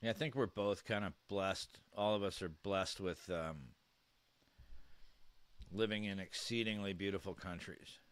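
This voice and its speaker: Chatty Canadian man, lowish voice. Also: fairly even intonation, measured pace, clear, resonant tone, dry recording. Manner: chatty and candid, thinking aloud. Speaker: livestream reactor. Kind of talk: casual live reaction chat.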